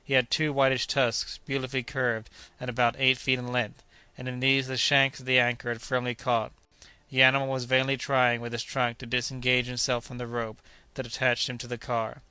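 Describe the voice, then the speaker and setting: A man narrating an adventure novel as an audiobook, reading steadily and raising his voice for the characters' shouts. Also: mid-range voice, completely flat delivery, a little fast, smooth, no echo. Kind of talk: scripted narration.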